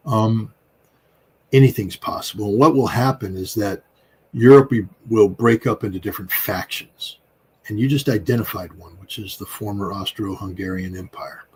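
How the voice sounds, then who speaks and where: A husky-voiced American man in his sixties talks at length as an interview guest. He is low-pitched and rambles emphatically, full of fillers and restarts. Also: normal speed, rough recording. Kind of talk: casual interview talk.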